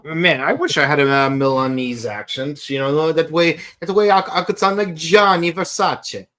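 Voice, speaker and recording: A man co-hosting a podcast, chatting casually about a TV series with quick, wry interjections. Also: on the high side, fairly bright tone. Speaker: podcast co-host. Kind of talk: casual chat recapping a TV series.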